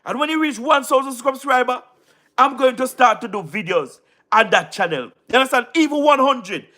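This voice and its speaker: A man from Jamaica with a Jamaican Patois accent, livestreaming casually, giving shout-outs to viewers and repeating himself emphatically. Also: very high-pitched, expressive, moderate pace. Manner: repetitive, keeps asking "you understand what I mean", emphatic. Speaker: YouTube live streamer.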